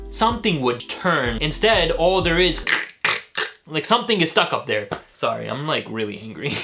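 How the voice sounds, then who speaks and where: A man's voice: mid-range voice, a bit bright. Angry, impassioned young man ranting. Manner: impassioned, indignant, sarcastic. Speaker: political commentary vlogger. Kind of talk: ranting commentary vlog.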